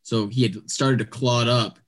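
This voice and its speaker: In an unhurried, medium-pitched voice, a young man casually tells a long story on a podcast. He's chatty and animated, sprinkling in plenty of "like" and "dude."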